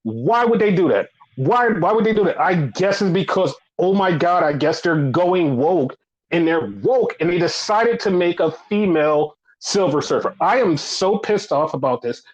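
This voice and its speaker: A man's voice: high-pitched, expressive, normal speed, dull audio. A man hosting a wrestling podcast, swearing freely as he goes on a heated rant in casual commentary. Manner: profane, heated ranting.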